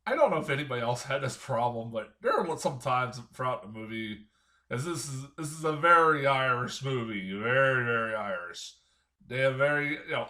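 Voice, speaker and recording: Animated, swearing guy reviewing films. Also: medium pitch. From United States. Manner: rambling, profane, chuckling, lots of fillers. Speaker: film reviewer. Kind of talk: casual film review.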